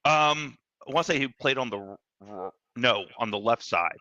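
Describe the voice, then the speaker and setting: A man's voice: mid-range voice, animated, moderate pace, pushed and bright, no echo, muffled recording. A man co-hosting a casual sports show, laid-back and analytical. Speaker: co-host.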